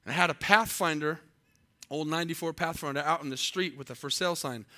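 A man's voice: fairly high pitch, a little fast, pushed and bright. A man preaching a sermon to a congregation as pastor, telling a story with animation and often quizzing the listeners.

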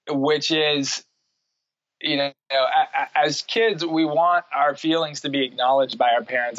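A reflective man in his thirties, a writer and parent, talks through his thoughts as a guest in a casual interview, pausing on fillers and laughing lightly. His voice is ordinary in pitch and a bit bright. The recording is muffled and very dry, with no room sound.

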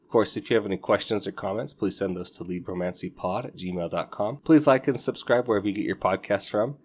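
A man's voice: on the low side, a little fast, darkish tone, a little hiss or hum. A man hosting a book podcast, chatting casually and enthusiastically in a rambling way, retelling scenes with laughing asides. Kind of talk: casual book review chat.

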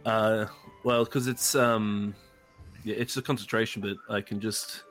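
A man playing a tabletop game, playful and quick to laugh. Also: fairly low pitch, steady tone, a bit bright, faint music behind. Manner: playful, laughing, hammy in character. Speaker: player.

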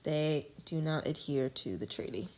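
A woman's voice: deep voice, lively intonation, moderate pace, darkish tone, rough recording. A woman co-hosting a podcast, teasing her husband and asking questions in a giggly, playful way. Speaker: podcast co-host. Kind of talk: casual history chat.

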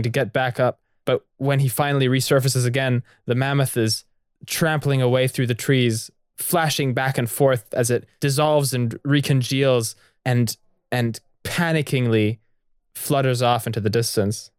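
A man's voice: mid-range voice, fairly even intonation, normal speed, clean tone, no room sound. A man improvising a spooky story with a jokey, stammering delivery. His voice sits in a middle range, recorded close and dry with no room sound. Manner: jokey, laughs often, stammering restarts. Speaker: co-narrator of a story podcast.

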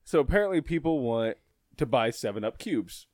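A man tells a story in a casual chat, his pitch swinging widely as he goes. He swears freely and laughs often, and the sound is close and dry with no room echo. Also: moderate pace. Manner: profane, animated, laughs often.

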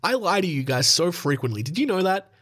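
A man with an Australian accent, sick and hoarse, hosting a podcast in a rambling, joking way and swearing freely. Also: high-pitched, very animated, brisk, a bit bright. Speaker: podcast host. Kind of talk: casual comedic podcast monologue.

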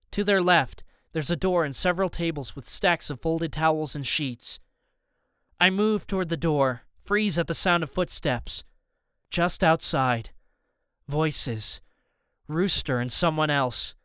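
A man's voice: on the high side, a bit bright, clear, resonant tone, dry recording, studio quality. A man narrating a story in the first person with tense, urgent storytelling. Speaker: audiobook narrator.

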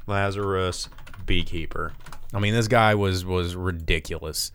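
A man hosting a casual movie review chat, telling plots with profanity and quick acted-out lines. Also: low-pitched, steady tone, a bit bright, slight background noise. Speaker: podcast host reviewing movies.

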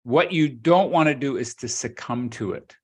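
An earnest middle-aged man co-hosts a casual podcast chat. He speaks in a reflective way at a medium pitch, leaning on sayings and homespun analogies. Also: normal speed, husky. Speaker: podcast co-host.

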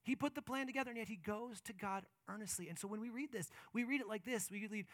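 A male pastor delivers a sermon in a notably high voice, pressing his points with impassioned emphasis and then easing into calmer reflection. The sound is dry and close, with no room echo. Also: fast talker, few pauses. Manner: impassioned, emphatic preaching that swings between loud and soft.

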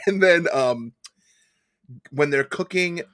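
A man's voice: fairly high pitch, slow pace, a bit bright, dry recording, studio quality. A man co-hosting a podcast, talking casually and enthusiastically, with playful mock advice. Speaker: podcast co-host. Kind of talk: casual chat recapping a cooking show.

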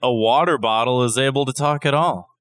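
A man's voice: mid-range voice, fairly quick, a bit bright, no echo. A man co-hosting a comedy podcast, making dry, wry remarks. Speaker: podcast co-host.

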